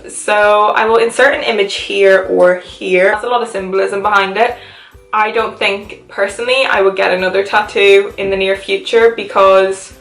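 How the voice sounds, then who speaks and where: A woman's voice: medium pitch, fairly bright tone, reverberant, poor audio. A woman of 21 from Ireland with a mixed Irish accent that carries touches of Liverpool and American speech. She talks to camera at home, chatty and upbeat, with lots of "like". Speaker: vlogger. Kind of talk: casual chat to camera. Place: her home.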